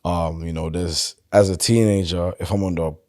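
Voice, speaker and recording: A man with a South London accent, chatting casually as a podcast guest and telling stories in a relaxed, loose way. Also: sits low, normal speed. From London, England. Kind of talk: casual conversation.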